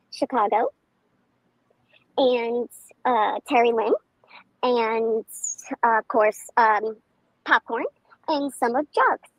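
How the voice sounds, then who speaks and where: Furious high-voiced woman ranting. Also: no room sound, low-quality recording. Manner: profane, heated, confrontational. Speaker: livestream commentator. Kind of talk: angry livestream rant.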